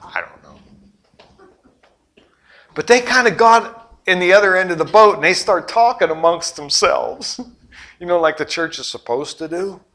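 A middle-aged man preaching a sermon, telling the story with great animation, jumping between loud exclamations and quiet asides. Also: sits high, normal speed, long pauses. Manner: animated storytelling, acting out voices and sound effects. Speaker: pastor.

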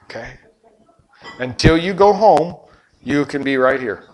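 A man's voice: on the high side, expressive, a little slow. Older man preaching with swelling passion. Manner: impassioned preaching, rhetorical questions, surging and dropping loudness. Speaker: pastor. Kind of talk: sermon.

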